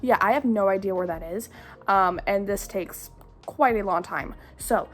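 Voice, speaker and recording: A woman's voice: medium pitch, moderate pace, faint music behind. A young woman vlogging her day in a casual, rambling, self-deprecating way. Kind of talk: casual vlog chat.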